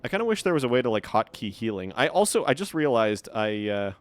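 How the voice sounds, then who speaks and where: A man's voice: medium pitch, very animated, quick pace. A man casually commenting on his gameplay during a live stream, wry and swearing when startled.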